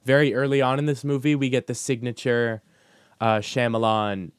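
A man's voice: mid-range voice, little pitch movement, moderate pace, smooth, no echo, clean studio sound. A man co-hosting a podcast, chatting enthusiastically about a movie. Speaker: podcast co-host. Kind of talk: casual film discussion.

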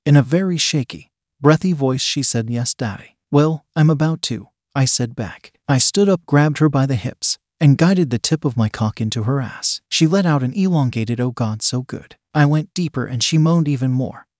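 A man telling a first-person erotic story in a calm, steady, reflective storytelling manner. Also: fairly high pitch, normal speed, no echo, studio quality. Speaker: narrator.

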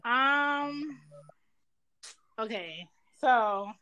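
A woman in her thirties from Georgia, chatting casually and telling animated stories with big jumps in her voice. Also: very slow, no room sound, muffled recording. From United States (Georgia). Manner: animated, laughing storyteller with big pitch jumps. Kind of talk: casual chat.

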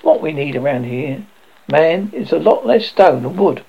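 A man doing a loud blunt old wizard boss, raised high gravelly voice, brusque, dull lo-fi sound. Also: very animated, unhurried, heavily acted. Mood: blustering. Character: blustering loud old male wizard chief.

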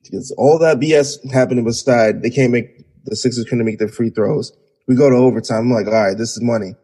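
Husky, mellow-toned exasperated man. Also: mid-range voice, steady tone, a little fast. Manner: exasperated, slangy, swearing. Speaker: podcast producer and guest. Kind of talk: heated sports podcast chat.

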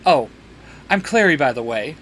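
A man's voice: medium pitch, expressive, moderate pace, a little hiss or hum, natural voice. Young woman warrior, read by a man. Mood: earnest. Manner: soft, earnest.

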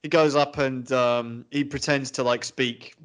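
A man's voice: mid-range voice, fairly even intonation, a little slow, clear, resonant tone. A man co-hosting a film review podcast, chatting casually and rambling through plot details with easy laughter. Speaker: podcast co-host.

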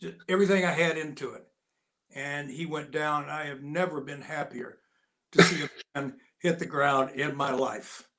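An older American man spins long service stories as an interview guest, his voice sitting a little high for a man. He acts out the people he quotes with quick shifts in tone. His delivery stays loose, casual and conversational. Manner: animated anecdotes with voiced quotes. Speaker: interview guest, actor and Navy veteran. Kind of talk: casual storytelling.

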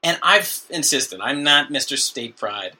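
A man's voice: fairly high pitch, animated, measured pace, bright, forceful tone. A man co-hosting a podcast, chatting casually and joking with frequent laughs. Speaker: podcast co-host. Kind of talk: casual chat.

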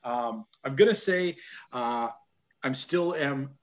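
A Canadian man hosts a wrestling podcast in a loose, chatty way. He jokes, laughs easily and grumbles about what he dislikes, at an ordinary middle pitch. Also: animated, slow. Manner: jokey, grumbling, laughs often. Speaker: podcast host. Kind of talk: casual chat.

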